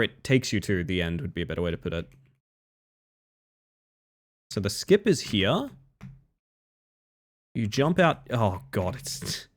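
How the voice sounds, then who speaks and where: A man streaming a speedrun late at night, chatting casually with his viewers, thinking aloud and correcting himself as he plays. He sounds a little tired. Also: medium pitch. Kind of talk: casual gameplay commentary.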